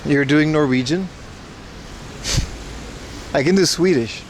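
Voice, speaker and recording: A man hosts a laid-back livestream outdoors on city streets, joking around and answering viewers' questions aloud. His voice sits at an ordinary middle pitch. Faint traffic and street ambience run underneath. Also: moderate pace. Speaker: livestream host. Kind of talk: casual IRL livestream chat.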